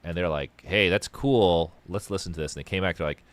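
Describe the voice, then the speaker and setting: Deep-voiced, fast male host, profane rambling storyteller, dry close sound. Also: steady tone, dry recording. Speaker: podcast host taking calls. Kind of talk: casual livestream call-in chat.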